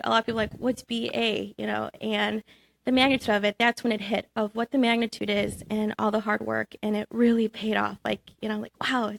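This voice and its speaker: A woman guest on a radio interview, telling a story in an animated, expressive way. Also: fairly high pitch, gravelly. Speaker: award-winning student scriptwriter guest. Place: radio studio.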